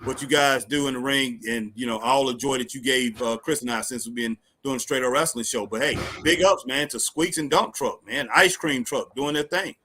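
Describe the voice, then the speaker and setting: Bright-voiced man co-hosting. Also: medium pitch, a little hiss or hum. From Southern United States. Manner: laid-back, drawn-out, says "man" often. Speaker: podcast co-host. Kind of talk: casual chat. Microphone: live stream.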